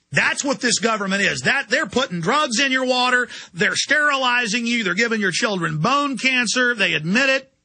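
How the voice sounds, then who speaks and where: A man's voice: sits high, gravelly, bright, forceful tone, husky. A man hosting a radio show, delivering an intense political rant and repeating words as he heats up. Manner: ranting, intense, repeats words when heated. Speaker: radio host.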